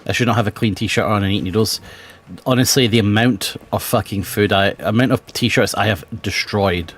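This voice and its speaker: Male streamer, lowish voice, offhand muttering and casual swearing, home desk mic. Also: normal speed, a bit bright. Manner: mutters to himself while playing, swears casually. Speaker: game streamer. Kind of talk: casual gaming stream chat.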